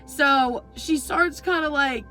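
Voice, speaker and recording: Young adult female vlogger, loose rambling storyteller, heavy profanity, soft music bed underneath. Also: sits high, slow pace, poor audio. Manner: swears freely, rambling with constant fillers. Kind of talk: casual storytelling.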